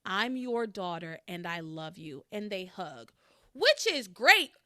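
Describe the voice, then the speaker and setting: Woman podcast host, animated recap chat, bright tone, dry close sound. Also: takes it slowly, no room sound. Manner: animated, acts out quoted lines with big pitch jumps.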